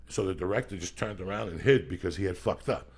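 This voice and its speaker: A low, gravelly male voice with a husky edge, talking as a stoned podcast host. He rambles through stories at a loose pace and swears constantly, sounding middle-aged. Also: fast talker. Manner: profane, rambling storyteller. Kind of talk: casual podcast chat.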